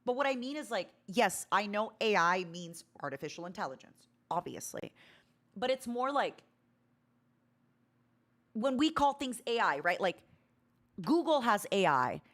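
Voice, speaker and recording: A woman's voice: unhurried, long pauses. A woman streamer chatting casually, rambling with restarts and fillers, with a tone she calls harsh and to the point. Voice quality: animated, self-described harsh to-the-point tone. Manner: rambling with many restarts and fillers, sudden loud squeaky imitations.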